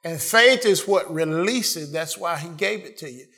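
High-voiced fervent male preacher. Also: animated, unhurried. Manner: fervent preaching with repeated amens and rising emphasis; swings between quiet asides and loud declarations. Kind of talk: sermon.

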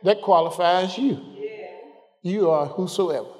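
A man preaches a sermon, tossing questions to the congregation and stretching out scripture slowly. His voice sits high and climbs further as he builds. Long church-hall reverb trails every phrase. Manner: call-and-response, questioning the congregation; drawls scripture slowly, rising in pitch as he builds.

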